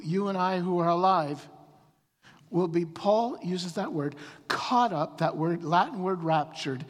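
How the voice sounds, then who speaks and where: Pastor guy preaching, high voice, keeps stammering "and, and, and", big echoey hall. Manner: animated, repeats words when starting sentences. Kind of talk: sermon.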